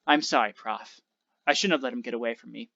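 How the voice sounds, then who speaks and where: A man's voice: medium pitch, a little fast, gravelly, sharp tone, no room sound. A man reading aloud voices a tough young female agent. She speaks tersely and matter-of-factly, in the reader's own voice, on a slightly dull recording. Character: tough young woman agent, cool and brisk.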